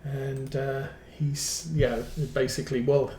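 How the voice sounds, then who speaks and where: A man chats slowly and unhurriedly while streaming a farming game, drifting from one anecdote to the next with plenty of ums. His voice sits at an ordinary pitch, and the room around him is roomy and echoey with a faint hiss underneath. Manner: rambling anecdotes with many ums. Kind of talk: casual chat while playing a farming game. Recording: roomy echo.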